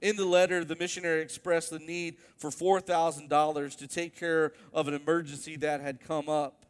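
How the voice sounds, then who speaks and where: Man, pastor, sermon, slightly high voice, animated storytelling, echoing church hall. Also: moderate pace, clean tone. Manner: animated storytelling, rising to emphatic peaks.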